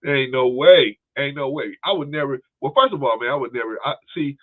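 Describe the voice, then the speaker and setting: A man's voice: medium pitch, fairly quick. A man hosting a livestream, giving casual commentary, laughing often and peppering his talk with "man" as he thanks viewers for donations. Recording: tinny phone-like audio.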